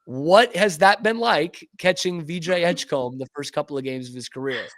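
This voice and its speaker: A man's voice: a little high, moderate pace. Chatty man hosting a sports podcast. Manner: enthusiastic, chatty. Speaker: podcast host. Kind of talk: casual sports podcast chat.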